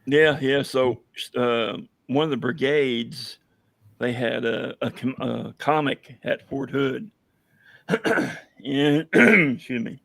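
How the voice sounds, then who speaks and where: A hoarse man chatting casually on a livestream as a veteran guest, rambling with many fillers and telling jokes. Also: mid-range voice, takes it slowly, a bit bright, dry recording. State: hoarse, losing his voice. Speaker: veteran guest running a coffee business.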